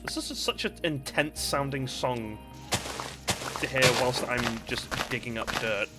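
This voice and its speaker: A man's voice: mid-range voice, animated, measured pace. A man giving casual, rambling commentary while streaming a game, chatting and laughing often. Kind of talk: casual let's-play commentary. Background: faint game music.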